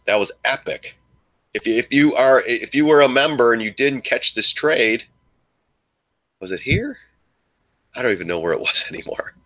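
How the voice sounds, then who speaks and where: A man giving excitable live stock market commentary to his viewers, joking and swearing as he goes. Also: mid-range voice, moderate pace, long pauses. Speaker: stock trading streamer.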